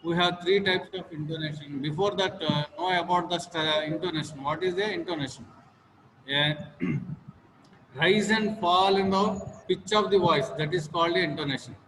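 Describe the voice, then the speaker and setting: A man's voice: fairly high pitch, moderate pace, a bit bright. Man teacher drilling phrases in reverb. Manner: repetitive, drilling phrases for students to echo. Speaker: English teacher. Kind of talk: online class lecture with call-and-repeat drills. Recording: long reverb, faint noise.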